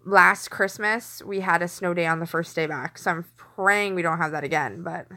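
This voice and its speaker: A young woman with a Canadian accent talks casually into her phone during a late-night live stream, her voice crisp and bright. She is chatty and quick to laugh, teasing the viewers who type to her from her home kitchen. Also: fairly low pitch.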